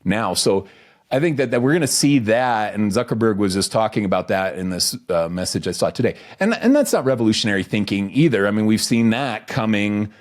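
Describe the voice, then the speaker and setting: A man co-hosting a podcast, talking casually and energetically in quick bursts with restarts. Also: on the low side, lively intonation. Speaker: podcast co-host.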